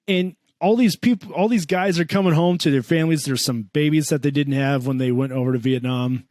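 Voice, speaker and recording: A man co-hosting a comedy podcast, telling a family story in an animated, profane way. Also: fairly quick, dry recording, clean studio sound. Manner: animated, swears a lot, voices his mom in a high pitch. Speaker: podcast co-host.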